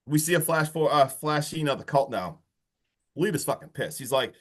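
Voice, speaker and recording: An excitable man in casual podcast chat, peppering his talk with "like" and swearing. His voice sits a little high for a man. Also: normal speed. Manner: excitable, swears freely, heavy use of "like". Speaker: podcast co-host. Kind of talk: casual movie review chat.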